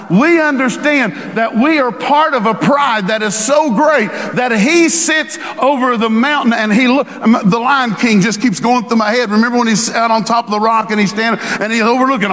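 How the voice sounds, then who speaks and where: Male pastor preaching, very high voice, long reverb of a church hall, dramatic slowdowns and shouts. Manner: preaching with emphatic shouts and drawn-out slow lines. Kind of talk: sermon.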